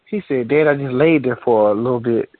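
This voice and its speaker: A man co-hosts a casual podcast, telling stories with plenty of laughter. His voice is a little husky and sits at a middle pitch. The recording is dry and narrow, like a phone line. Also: brisk, dry recording. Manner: animated storyteller, laughs often. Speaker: podcast co-host. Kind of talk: casual chat. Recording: dry, thin phone-like sound.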